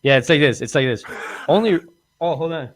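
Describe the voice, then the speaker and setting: His voice a little high and his pace brisk, a podcast host brags his way through comedic stories. He acts out quotes animatedly and laughs often.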